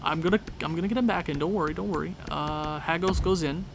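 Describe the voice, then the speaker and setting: A man's voice: on the high side, fast, gravelly, background noise. A young Canadian man giving casual, rambling commentary on a game, talking to himself with jokey asides. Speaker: gaming video creator.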